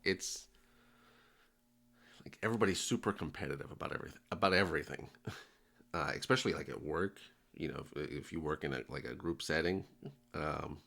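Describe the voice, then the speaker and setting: Very deep, gravelly American man. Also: a little fast, pauses often, fairly bright tone. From United States. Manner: easygoing, chatty, with many fillers. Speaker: reaction video host. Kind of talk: casual reaction commentary.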